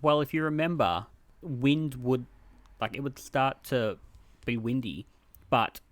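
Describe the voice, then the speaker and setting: A man's voice: medium pitch, a little slow, dry recording. A man co-hosting a podcast, telling stories in a chatty way with lots of fillers. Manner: animated storytelling with filler words. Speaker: podcast co-host. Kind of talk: casual chat.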